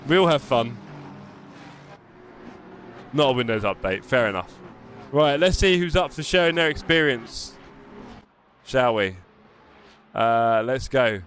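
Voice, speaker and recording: A man's voice: mid-range voice, expressive, slow pace, pauses often, fairly bright tone, a little hiss or hum. Chatty male sim racing stream host. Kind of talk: live race commentary and chat. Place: home sim racing setup.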